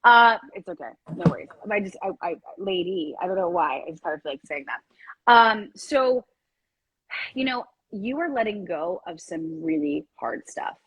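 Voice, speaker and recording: A woman hosting a live-stream card reading, speaking in a gentle, rambling way with many fillers. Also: on the low side, expressive, moderate pace, husky, no room sound, rough recording. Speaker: card reader and reiki host.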